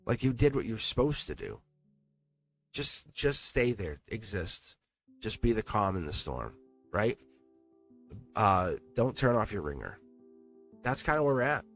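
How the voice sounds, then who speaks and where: A man's voice: lowish voice, very animated, a little slow, pauses often, fairly bright tone, soft background music. A man reading tarot on a live stream. He talks to his viewers in an earnest, encouraging way, repeats words and restarts his sentences, and swears now and then.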